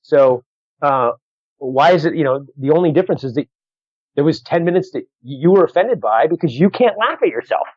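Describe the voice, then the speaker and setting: A man's voice: fairly high pitch, brisk, no echo. A man, a comedian, telling a story on a podcast over a video call, rambling with many restarts and acting out both sides of an exchange. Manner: rambling, animated, restarts often, acts out quoted exchanges. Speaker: comedian guest. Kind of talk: casual podcast interview storytelling. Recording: dull lo-fi video call audio.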